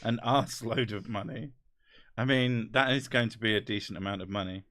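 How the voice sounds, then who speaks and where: A man's voice: lowish voice, moderate pace, a bit bright, dry recording, clean studio sound. A man with an English accent, hosting a casual chat, rambling and wry with casual swearing. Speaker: host. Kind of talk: casual chat reading comments.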